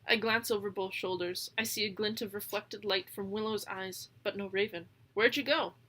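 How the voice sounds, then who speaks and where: A woman narrating a first-person animal adventure aloud, lively, with small laughing asides. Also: mid-range voice, normal speed. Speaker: reader. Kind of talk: audiobook narration.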